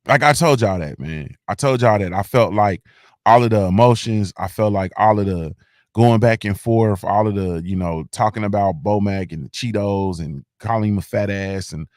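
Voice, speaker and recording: A man hosting a boxing fan show in casual, slangy talk, excited and repeating himself as he goes. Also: on the low side, normal speed, no echo, clean studio sound.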